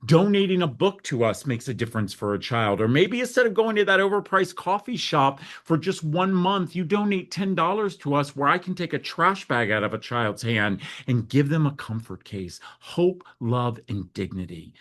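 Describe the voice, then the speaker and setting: A man's voice: on the high side, sing-song, moderate pace, hardly any pauses, fairly bright tone. A middle-aged American man, a foster care advocate, telling his story in an interview with earnest, heartfelt feeling.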